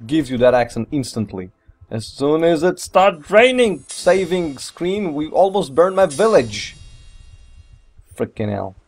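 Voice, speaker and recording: A man doing gameplay commentary, rambling and excitable, with mild swearing and non-native English phrasing. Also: fairly high pitch, measured pace. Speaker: let's play gamer.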